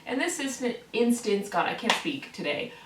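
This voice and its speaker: A woman vents in a profane, heated vlog rant, her voice at an ordinary middle pitch. She hammers the same words for emphasis. She sits back from the mic, and the room gives her voice a roomy echo. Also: big pitch swings, moderate pace, distant mic, heavy background noise. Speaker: online video creator. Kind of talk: ranting vlog.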